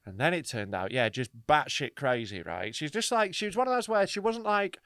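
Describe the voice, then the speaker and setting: A man's voice: a little high, very animated, brisk, a bit bright, clear, resonant tone, dry recording, studio quality. A man co-hosting a comedy podcast, telling a story in a sweary, playful way and acting out quotes. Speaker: podcast co-host. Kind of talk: casual comedy podcast chat.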